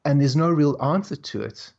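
A man from South Africa speaks as a guest, slow and reflective, laughing often as he talks. His voice is gravelly and a little husky. The sound is dull and lo-fi. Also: a little high, expressive, darkish tone. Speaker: guest, shaman and author. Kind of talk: reflective interview conversation. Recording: dull, lo-fi remote audio.

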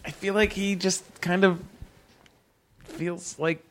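A man's voice: sits high, flat delivery, slow pace, a bit bright, slight background noise. A man co-hosting a casual comedy podcast, joking and easygoing as he talks.

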